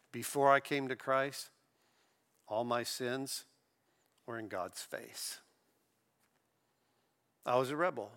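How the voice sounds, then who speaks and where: Guy preaching a sermon, bright clear voice, earnest, swells up then goes soft. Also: mid-range voice. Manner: earnest preaching with rising emphasis and soft drops. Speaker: pastor.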